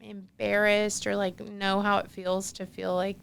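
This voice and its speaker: Woman in her forties, podcast guest, gravelly voice, animated chatty storytelling. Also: mid-range voice, measured pace, slight background noise. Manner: animated storyteller, frequent fillers. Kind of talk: casual conversational storytelling.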